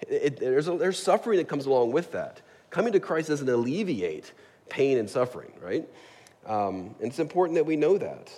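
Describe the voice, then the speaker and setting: A very animated pastor with a warm, medium-pitched voice preaches at normal speed in a church sanctuary. He jokes around conversationally and keeps checking in with the congregation by asking "right?", all under a long hall reverb.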